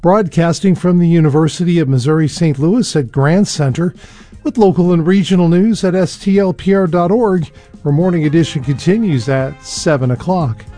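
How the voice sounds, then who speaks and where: A man's voice: on the high side, normal speed, mellow, soft background music. A man reading local radio station announcements and event promos in an upbeat manner.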